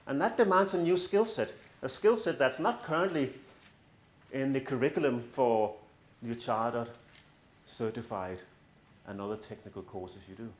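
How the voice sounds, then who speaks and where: A man's voice: medium pitch, normal speed, slight background noise. Earnest middle-aged man in an echoey room. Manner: earnest, persuasive, with light self-mocking humor. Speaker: coach and speaker. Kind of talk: presentation to an audience. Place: large room in front of an audience.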